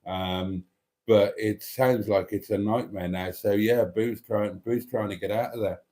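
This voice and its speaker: Lowish-voiced man chatting on a livestream. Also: steady tone, a little slow, dark tone. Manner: rambling, chatty, many ums and restarts. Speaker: YouTube channel host. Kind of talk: casual livestream chat reading viewer comments.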